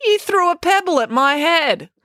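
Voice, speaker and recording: A woman voicing an eager young boy who wants to be a hero, in a high excited kid voice. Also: normal speed, no echo, studio quality, exaggerated voice.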